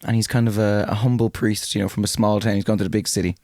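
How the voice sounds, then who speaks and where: A man's voice: fairly low pitch, flat delivery, fast talker, darkish tone, dry recording. Man telling rude jokes, dry sound. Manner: tells rude jokes with laughing asides. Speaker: podcast co-host. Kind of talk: casual comedy chat. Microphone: close podcast mic.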